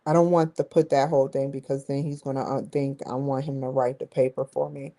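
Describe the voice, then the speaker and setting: A woman hosting a casual study vlog, thinking aloud, muttering to herself and breaking into excited exclamations. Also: rumbling low, fairly quick, rough recording. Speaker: host.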